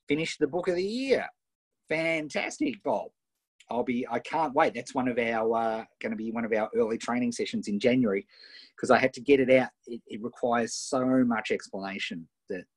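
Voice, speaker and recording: Australian male coach, middle-aged, lively and encouraging, slightly husky, dry tablet-mic sound. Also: medium pitch, no echo. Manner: energetic, tag questions, reads out students' wins. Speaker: online business coach. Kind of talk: live webinar coaching. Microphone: iPad Pro built-in mic.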